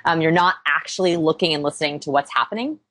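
In a low, slightly bright voice, a woman talks at a quick pace as an interview guest. The people-skills researcher keeps the conversation upbeat, explaining with self-deprecating humor.

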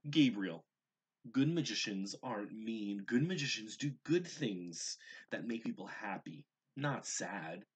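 A man's voice: on the low side, lively intonation, measured pace, breathy edge. Man doing a stern storybook mother. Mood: firm. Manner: firm, scolding. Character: stern but kind mother.

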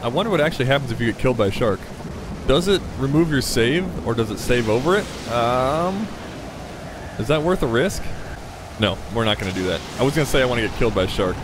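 A young man giving casual, chatty gameplay commentary, excitable and swearing freely as he talks to the game. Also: medium pitch, noisy background. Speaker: gaming YouTuber. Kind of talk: casual let's-play commentary.

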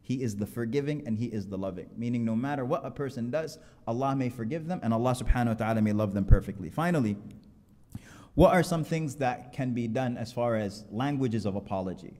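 A man's voice: medium pitch, animated, a little fast, dark tone. A man preaching a Friday sermon, telling stories with quoted dialogue in an earnest way. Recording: long hall reverb.

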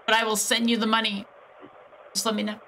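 A woman streamer mockingly taunting a scammer on a call, shifting between high teasing and low menacing tones. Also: level tone, a little fast, pushed and bright, a little hiss or hum. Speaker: scam baiter streamer.

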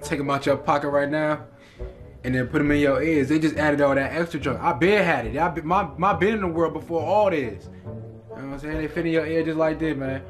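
A young man acting in a comedy sketch, boasting loudly that he invented everything. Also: fairly high pitch, a little fast, faint music behind. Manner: boastful, bragging.

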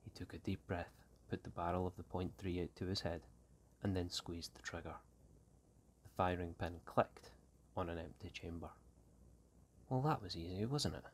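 A man, an English teacher, reading a short story aloud in a steady, unhurried way. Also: sits low, a little hiss or hum.

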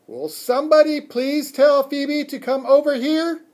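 A man voicing an excited little male hamster, squeaking and shrieking. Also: a little slow. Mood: frantic.

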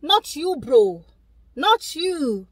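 A young woman giving animated, emphatic commentary on a video, speaking straight to her viewers. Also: high-pitched, very slow, no echo. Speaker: vlogger reacting to a video. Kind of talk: casual opinionated commentary.

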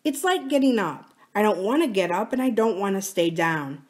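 A wistful, unsettled young farmer who talks in a quiet, musing way, as a woman reads him aloud. He sounds dissatisfied and searching rather than angry. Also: medium pitch, animated, normal speed, voice pushed up, natural voice. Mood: restless.

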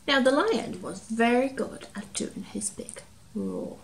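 A woman reads a picture book aloud for children, gentle and dramatic, her voice rising and falling in a very lively way at an unhurried pace. She sounds a bit far from the mic in a roomy space. Faint background ambience can be heard. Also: on the high side, creaky. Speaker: children's storyteller.

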